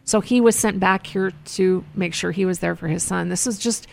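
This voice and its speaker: A woman's voice: lowish voice, normal speed, creaky. A woman hosting a casual studio chat, telling personal stories earnestly with frequent restarts. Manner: earnest, storytelling, many restarts. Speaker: host. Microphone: close mic in a studio.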